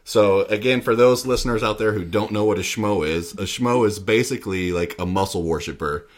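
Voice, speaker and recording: A man hosts a relaxed podcast chat with a fairly low voice. He is upbeat, laughs easily and moves the talk along. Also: fairly quick. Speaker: podcast host. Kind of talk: casual chat.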